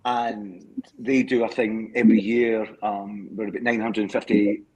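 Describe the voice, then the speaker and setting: Husky Scottish man telling stories. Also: on the low side, flat delivery, moderate pace, a little mellow, poor audio. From Scotland. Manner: rambling storyteller, repeats words and asks "do you know what I mean". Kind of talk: casual live chat.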